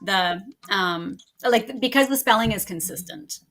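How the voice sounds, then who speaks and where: A middle-aged woman, an English language teacher, chatting as a guest on a podcast and telling lively stories about her classroom. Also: mid-range voice, unhurried. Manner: lively storyteller who acts out her students. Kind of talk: podcast interview conversation.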